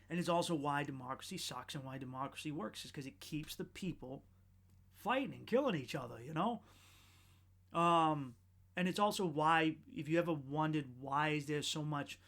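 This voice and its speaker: A man's voice: on the high side, fairly bright tone. A man hosting a podcast, rambling in a profane, ranting monologue. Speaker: podcast host.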